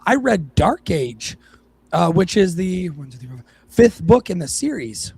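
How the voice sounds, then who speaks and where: A man's voice: high-pitched, sing-song, unhurried, gravelly, a little mellow, slightly rough, no echo. A man co-hosting a casual talk show, ranting and swearing freely while he mocks other people's voices. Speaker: podcast co-host. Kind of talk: casual profane chat.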